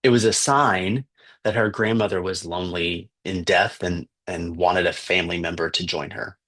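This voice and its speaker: A man's voice: deep voice, steady tone, normal speed, a bit bright. A man, a missionary teacher, earnestly telling a story for fundraising, with fillers and restarts.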